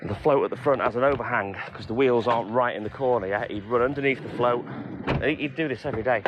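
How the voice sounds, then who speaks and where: Heard through a muffled recording with background noise, this man talks quickly at a medium pitch. He hosts a livestream, and with his North Welsh accent, being from North Wales, he banters wryly and casually with viewers, replying to each by name.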